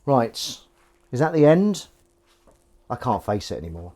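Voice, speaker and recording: A man's voice: mid-range voice, big pitch swings, a little slow, pauses often, warm tone. A man chatting in a rambling, playful, self-mocking way on a live stream while washing dishes at his kitchen sink. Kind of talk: casual live-stream chat.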